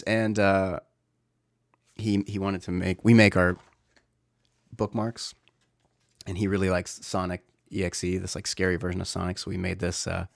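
A man's voice: low voice, vocal fry, no room sound. A man in his thirties, a father talking in a casual, reflective way, rambling with many fillers and restarts. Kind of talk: casual personal talk.

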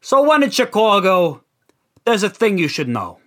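A man narrating a dark comic rhyming tale with a theatrical delivery. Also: high-pitched, very animated, moderate pace. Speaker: storyteller.

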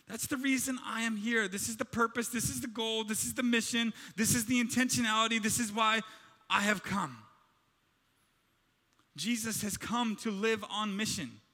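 A man preaching a sermon in an animated, conversational way, acting out quotes. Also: very high-pitched, brisk, big-room sound. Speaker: pastor.

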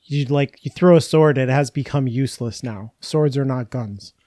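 A man's voice: mid-range voice, normal speed, mellow, no echo, clean studio sound. A man co-hosting a podcast, joking and laughing through casual talk about a book. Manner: joking, laughs often, rambling asides. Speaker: podcast co-host. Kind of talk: casual book-club chat.

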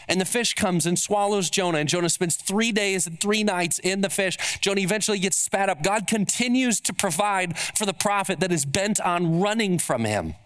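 Emphatic pastor preaching, a man. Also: a bit bright. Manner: emphatic, repeats rhetorical questions; acts out quoted speech with shifting pitch. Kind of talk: sermon.

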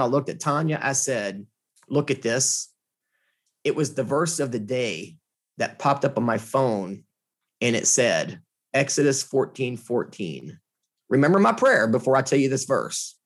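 A man, a guest in a conversation, telling a personal story in an animated, earnest way. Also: medium pitch.

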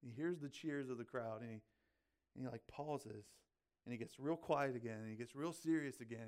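Speaking at a normal speed in a mid-range, slightly mellow voice, a male pastor gives a sermon that feels like a conversation. He's chatty, checks in often with the audience, and leans heavily on "like" and "right?".

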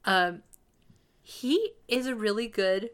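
A woman's voice: medium pitch, lively intonation, takes it slowly, clean tone. A woman co-hosting a podcast, chatting casually about a TV episode with many fillers and asides. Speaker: podcast co-host. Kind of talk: casual TV recap chat.

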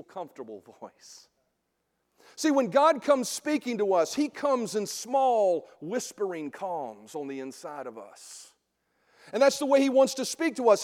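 A man teaching a sermon in a conversational way, often checking in with a quick "right?". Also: very high voice. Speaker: preacher teaching a Bible series. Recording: long hall reverb.

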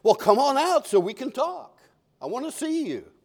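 A man voicing a patient, fatherly divine figure who asks gentle questions in a conversational way. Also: very high voice, big pitch swings, moderate pace, voice pushed up, exaggerated voice.

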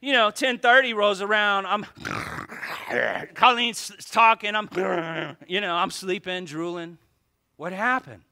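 A male pastor preaching a lively sermon, joking with the congregation and reading scripture aloud. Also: sits high, slow pace, gravelly. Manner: animated preaching with asides and jokes to the congregation.

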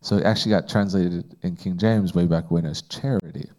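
Mellow, low-voiced male Bible teacher. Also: steady tone, fairly quick. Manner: conversational, asks the group questions, frequent fillers. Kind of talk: Bible study lesson.

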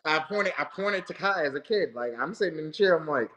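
A man's voice: a little high, animated, brisk, few pauses, bright, forceful tone. A man who coaches wrestling, a guest in a casual interview, telling stories in a rambling way with plenty of swearing and laughter. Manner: swears freely, laughs a lot, rambling storyteller. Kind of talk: casual chat.

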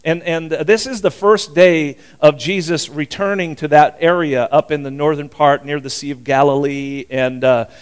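A man's voice: fairly high pitch, steady tone, moderate pace, few pauses, smooth. An older man preaching a sermon as pastor, folksy and rambling, chuckling often as he talks.

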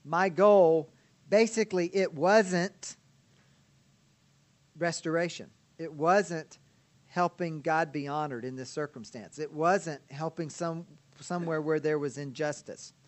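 A man's voice: a little high, takes it slowly. A man teaching a lecture on biblical counseling as an experienced counselor, talking conversationally, laughing often and checking in with his listeners. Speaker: counseling instructor.

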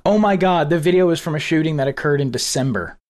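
A man with a slightly high voice co-hosts a casual podcast. He retells events in an animated way and swears freely. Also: fast. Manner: profane, animated retelling of a news video. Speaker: podcast co-host. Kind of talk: casual political podcast chat.

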